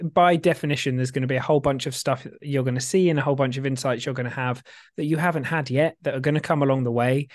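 A man co-hosting a podcast in a relaxed, joking, rambling way. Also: mid-range voice, dry recording, clean studio sound. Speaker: podcast co-host. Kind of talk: casual podcast chat.

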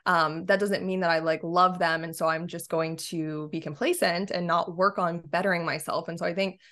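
A woman's voice: fairly low pitch, fairly even intonation, normal speed, fairly bright tone. A woman fitness coach talking candidly in an interview, with lots of "like" and "you know". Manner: candid, uses many fillers like "like" and "you know". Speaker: health and fitness coach, guest. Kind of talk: casual interview talk.

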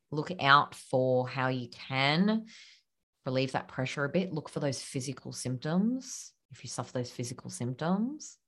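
A woman's voice: deep voice, a bit bright. A woman hosting her own podcast as a coach, talking encouragingly to listeners, laughing often and sometimes dropping to a near-whisper. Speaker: podcast host and business coach. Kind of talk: solo podcast talk.

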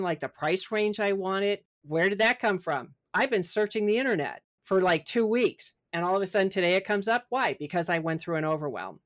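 A woman's voice: medium pitch, lively intonation, fairly quick, few pauses. A middle-aged woman, a podcast guest and author, talking casually and animatedly about spirit and personal growth, acting out her inner voice. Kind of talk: casual spiritual interview talk.

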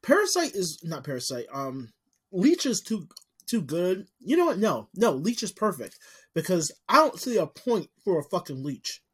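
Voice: mid-range voice, big pitch swings, moderate pace, husky. A podcast co-host chatting casually, cursing and jumping in with asides. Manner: casual, swears, jumps in with asides.

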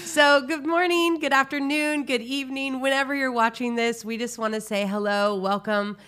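A woman's voice: high-pitched, steady tone, normal speed, fairly bright tone, smooth. A woman pastor co-hosting a casual faith talk show. She speaks in an earnest, reflective way and uses many fillers. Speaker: pastor and co-host.

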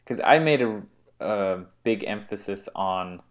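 Halting, low-voiced American man. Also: lively intonation. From United States. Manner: halting, searching for words. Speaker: co-host. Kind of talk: casual chat.

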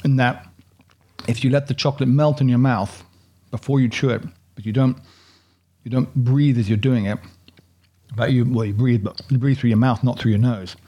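A man's voice: medium pitch, fairly even intonation, normal speed, long pauses, dark tone. A man hosting a casual chocolate tasting, chatty and rambling, poking fun at himself. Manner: chatty, rambling and self-deprecating.

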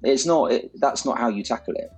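A man's voice: medium pitch, lively intonation, brisk, darkish tone, husky. A man in a casual discussion, making emphatic arguments with stumbling restarts. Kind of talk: casual conversation.

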